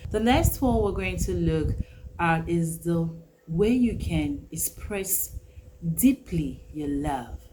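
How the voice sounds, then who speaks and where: A woman teaching an English vocabulary lesson, repeating each phrase slowly and with emphasis. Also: on the low side, animated, warm tone, slight background noise, rough recording.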